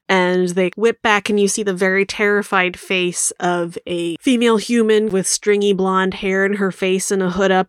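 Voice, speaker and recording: A woman's voice: mid-range voice, no room sound, clean studio sound. A woman narrating a tabletop game as game master, rambling with many fillers.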